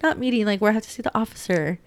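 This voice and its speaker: A woman's voice: mid-range voice, racing, no room sound. A young woman vlogging casually about her day, rambling with lots of fillers and holding back tears. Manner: chatty, rambling, many fillers. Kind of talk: casual personal vlog.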